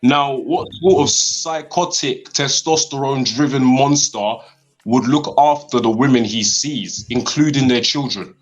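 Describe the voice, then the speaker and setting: A man's voice: medium pitch, a little slow. A man who works construction, arguing sarcastically in a heated debate and tacking "yeah?" onto his points. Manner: sarcastic, argumentative, tag questions. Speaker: construction worker, debate guest. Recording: slightly dull sound.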